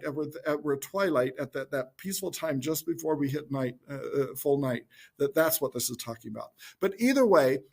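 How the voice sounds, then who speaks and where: A man giving an informal Bible teaching talk in a gentle, reflective way, thinking aloud as he goes. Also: on the high side.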